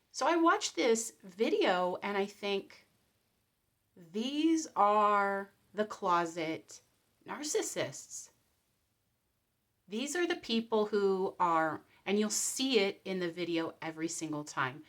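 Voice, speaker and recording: A woman vlogger talking casually to camera. She speaks in an animated way and acts out little quotes. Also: mid-range voice, takes it slowly. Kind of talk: casual commentary vlog.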